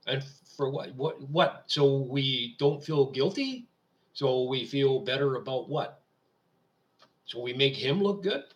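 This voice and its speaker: A man's voice: mid-range voice, sing-song, slow pace, highs cut off. A man hosting his own show, from Canada, giving an indignant, sarcastic political rant. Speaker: radio show host. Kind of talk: political commentary monologue.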